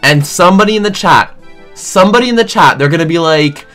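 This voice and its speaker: A man's voice: on the high side, quick pace, faint music behind. A young man, a gaming streamer, ranting in a casual, jokey, exaggerated way, full of "like" and "dude". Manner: animated, exaggerated, jokey, many fillers like "like" and "dude". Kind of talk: casual comedic rant.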